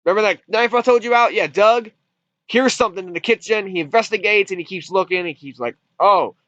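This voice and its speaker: A man's voice: sits high, fast, a bit bright, no room sound. A man casually retelling a movie's plot as a reviewer, rambling with restarts and swearing freely. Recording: dull lo-fi dry recording.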